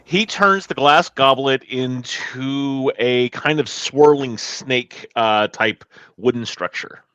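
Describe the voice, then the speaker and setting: A man's voice: mid-range voice, slow, fairly bright tone, clear, resonant tone, no echo. A man playing a tabletop game, easygoing as he describes what his character does. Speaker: player. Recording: dull dry mic sound.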